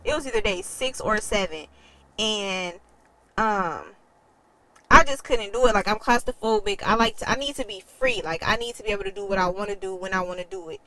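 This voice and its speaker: A woman's voice: mid-range voice, brisk, pushed and bright, low-quality recording. Young woman, casual storytelling, candid, emotional, swears, acts out quotes. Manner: quotes others in a changed voice. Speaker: vlogger.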